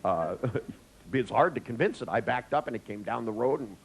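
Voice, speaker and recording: A man telling a story in a lecture, with a voice that leaps from low to high as he acts out every part. He sits at a medium pitch, swears freely and laughs at his own tale. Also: normal speed, slight background noise, poor audio. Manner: animated, acts out voices with big pitch jumps.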